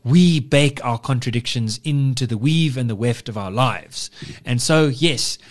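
A man's voice: medium pitch, unhurried. Man arguing in long winding sentences. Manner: discursive, philosophical, argues in long winding sentences. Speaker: podcast co-host. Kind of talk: casual political chat.

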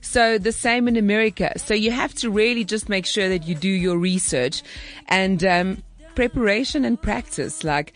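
A woman's voice: medium pitch, normal speed. A woman, a guest talking casually about acting auditions, full of "like" and "um". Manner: chatty, many fillers like "like" and "um". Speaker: talent agency guest. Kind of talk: casual chat.

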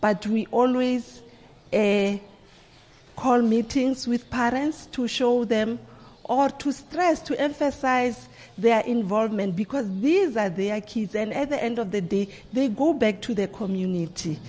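A woman's voice: a little high, measured pace, darkish tone. A woman teacher answering earnestly on a panel, repeating words to stress her points. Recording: reverberant room with faint noise.

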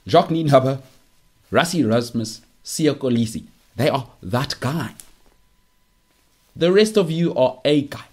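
Husky South African man, teasing and emphatic. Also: medium pitch, animated, measured pace, long pauses, a little mellow. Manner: teasing and emphatic, repeats punchlines. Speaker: podcast host. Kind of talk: opinionated monologue.

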